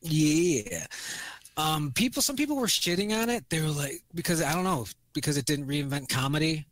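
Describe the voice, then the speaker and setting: A man's voice: on the high side, lively intonation, moderate pace, no room sound. A man co-hosting a podcast, chatting casually and profanely about movies, rambling with many fillers and acting out quotes. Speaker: podcast co-host.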